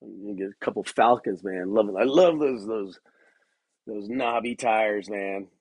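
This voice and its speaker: A man's voice: lowish voice, a little mellow, husky, no echo. A man hosting his own podcast, rambling through a profane solo rant, laughing often and restarting his sentences. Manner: halting, many restarts and fillers. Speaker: podcast host.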